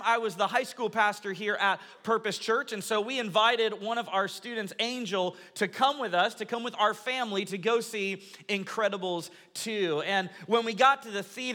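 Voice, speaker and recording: A man in his thirties, a pastor delivering a sermon to his congregation as an animated storyteller, in a large church auditorium. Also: high voice. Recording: long reverb of a large hall.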